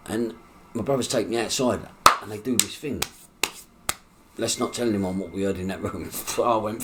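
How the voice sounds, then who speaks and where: Deep-voiced man telling his story. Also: fairly quick, a little hiss or hum. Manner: animated, acts out quoted dialogue with coarse swearing. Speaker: guest. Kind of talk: personal storytelling in an interview.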